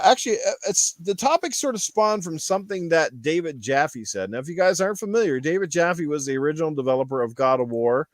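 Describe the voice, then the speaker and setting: A man's voice: high voice, no echo. A man hosting a casual gaming podcast, rambling through a topic with lots of fillers and restarts. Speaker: podcast host.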